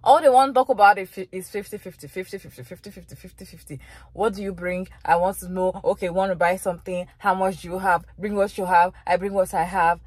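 Woman vlogger, mid pitch, emphatic reaction commentary, dry and close. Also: fairly even intonation, brisk, hardly any pauses, dry recording. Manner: emphatic, repeats phrases for effect.

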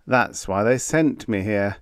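A man's voice: lowish voice, slow pace, dry recording, clean studio sound. A man voicing a timid, fussy government official who speaks in a small, plaintive voice. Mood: meek.

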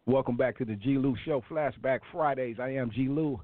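A man hosting a radio interview show, excitable and prone to repeating himself. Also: mid-range voice, normal speed, no echo. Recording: dry tinny phone-like line.

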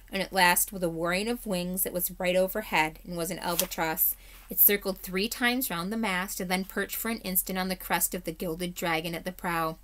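A woman teacher reads a chapter book aloud in an expressive storytelling voice, fairly low for a woman. Now and then she trips over a word and corrects herself. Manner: expressive storytelling, occasional slips. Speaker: third grade teacher.

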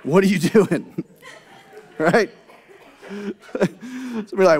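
A man's voice: sits high, very slow, pauses often, slightly rough. A man preaching a sermon as pastor, conversational, with rhetorical questions and asides to the congregation. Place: church sanctuary. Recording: long hall reverb.

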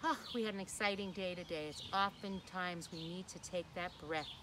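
A woman's voice: fairly low pitch, normal speed, noisy background. A woman hosting a children's sing-along lesson in a playful, sing-song way, asking young listeners questions. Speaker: children's program host.

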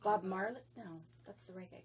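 A woman's voice: medium pitch, steady tone, fast talker. A woman co-host chiming in with short remarks during an interview. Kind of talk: casual interview talk. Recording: clear background noise.

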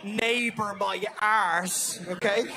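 A man with an Irish accent doing loud, animated stand-up storytelling on stage, swearing freely. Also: high-pitched, slow pace, vocal fry, a crowd in the background, noisy background. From Ireland. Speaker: stand-up comedian. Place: live comedy venue on stage.

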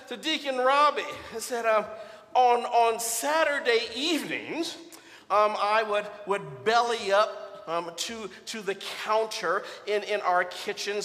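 A man with a high, bright voice preaching in a relaxed, folksy manner, trading jokes with the congregation. He speaks slowly and unhurriedly. His voice rings through a large, echoey church hall with a long tail of reverb. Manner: folksy, joking, talks directly to the congregation. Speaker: priest. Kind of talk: sermon.

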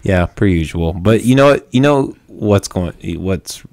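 A man's voice: deep voice, animated, a little slow, a little mellow, no echo. A young man hosting a podcast, joking and self-mocking and laughing often, on a studio mic with headphones. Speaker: podcast host. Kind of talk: casual chat.

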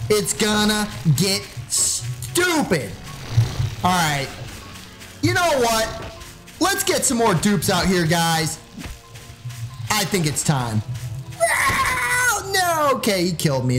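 A man hosting a gaming channel, giving loud, excited gameplay commentary and yelling into his desk mic with sudden high shrieks. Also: rough recording. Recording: music playing behind.

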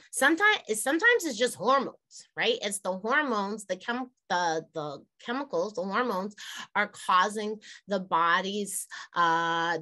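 Chatty, candid woman teacher, bright voice. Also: medium pitch. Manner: candid, chatty, laughs at her own jokes. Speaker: health teacher. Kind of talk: explaining a lesson to parents.

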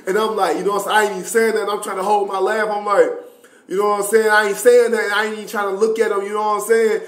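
A young man telling a story in a casual, animated, profane way with lots of slang and fillers. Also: sits high, fast talker. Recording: roomy echoey room.

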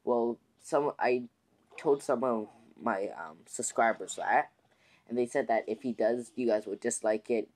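A man's voice: mid-range voice, a little slow, a little mellow. A man hosting his own gaming channel, chatting casually to viewers in a rambling way with many restarts and fillers. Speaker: gaming YouTuber host. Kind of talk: casual let's-play commentary.

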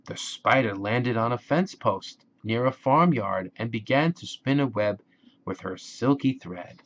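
A man reading a picture book aloud to children in a gentle, playful way. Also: lively intonation, measured pace, dull audio. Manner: gentle, playful, animal sounds done in a high voice. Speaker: storybook reader.

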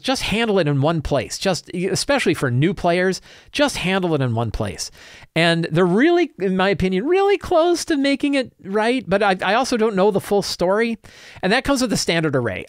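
A man's voice: on the high side, dry recording, studio quality. A man hosting a tabletop role-playing talk show, giving casual solo commentary in a chatty, opinionated way with frequent restarts.

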